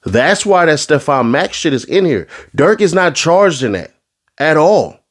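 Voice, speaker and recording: A man doing a casual commentary rant, full of street slang, who swings from low asides into high, exasperated outbursts. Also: sing-song, unhurried, a bit bright. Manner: street slang, addresses the audience as bro. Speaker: commentary vlogger.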